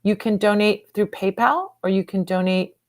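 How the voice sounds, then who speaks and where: A woman's voice: mid-range voice, normal speed. A middle-aged woman hosting a livestream fundraiser, talking to viewers in an earnest, emotional, repetitive way. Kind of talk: casual livestream chat.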